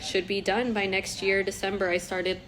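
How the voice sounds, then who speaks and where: A woman's voice: medium pitch, little pitch movement, normal speed, poor audio. A young woman, chatting casually as a podcast guest with lots of fillers and easy laughs. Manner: soft-spoken, frequent "like" fillers, laughs often. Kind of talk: casual chat.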